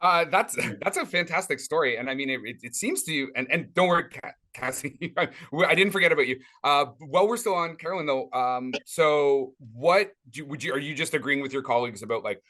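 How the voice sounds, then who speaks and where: A man hosts a podcast interview, his voice bright and sharp, a bit high for a man. He circles around his questions and restarts them often. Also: fairly quick, few pauses. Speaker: podcast host.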